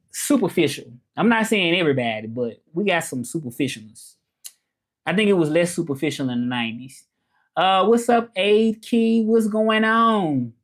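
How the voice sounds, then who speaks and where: A man chatting casually on a live stream, rambling along, greeting viewers by name and trying out French phrases. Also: on the high side. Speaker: livestreamer.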